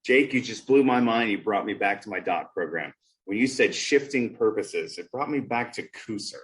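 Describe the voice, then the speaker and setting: Animated low-voiced male podcast host. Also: moderate pace, poor audio. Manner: animated storyteller, acts out quoted voices. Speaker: podcast host, former reading specialist. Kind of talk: conversational podcast discussion.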